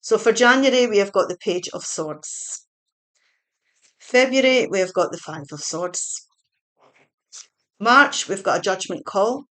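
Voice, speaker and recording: A woman's voice: mid-range voice, animated, unhurried, long pauses, fairly bright tone. A woman giving a spoken tarot reading in a chatty, reassuring way, now and then correcting herself mid-sentence. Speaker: tarot reader.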